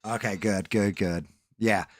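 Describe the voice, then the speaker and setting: Lower-voiced man chatting on a live stream. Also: fairly even intonation, a little slow, no room sound, clean studio sound. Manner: rambling, swears casually, self-deprecating. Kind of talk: casual live stream chat.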